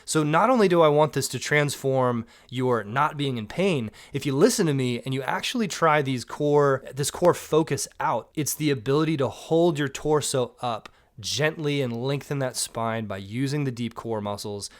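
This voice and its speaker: A Southern man in his thirties talks straight to the viewer like a coach, direct and plain-spoken with the odd wry joke. His voice sits at an ordinary middle pitch. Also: moderate pace, few pauses. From Georgia, US. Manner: direct, coaching, joking asides. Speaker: mountain bike coach. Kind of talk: casual instructional talk to camera.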